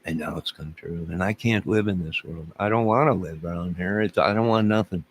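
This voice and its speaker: A man's voice: low voice, a little fast, a little hiss or hum. A man around fifty ranting to his livestream chat, rambling and exasperated, repeating himself.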